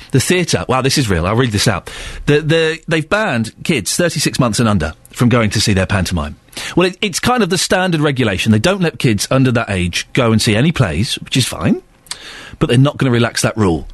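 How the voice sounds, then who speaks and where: A man hosts a radio phone-in from a studio mic, joking his way through listener emails. His voice sits a little high and swings widely in pitch. It has a husky edge and a close, dry studio sound. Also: dry recording. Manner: jokey, animated, reads listener emails aloud. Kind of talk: casual radio chat. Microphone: studio microphone.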